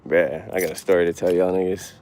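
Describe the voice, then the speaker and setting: A man's voice: low voice, fairly even intonation, fast, background noise. A young man streaming live while driving deliveries, ranting in a casual, heavily profane, irritated way. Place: inside a car on city streets.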